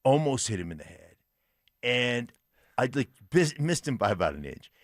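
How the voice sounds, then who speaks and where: A man co-hosting a sports radio show, telling a lively story in casual chat and shouting out quoted lines. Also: medium pitch, moderate pace, no room sound, studio quality. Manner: animated storyteller, loud put-on shouts. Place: radio studio.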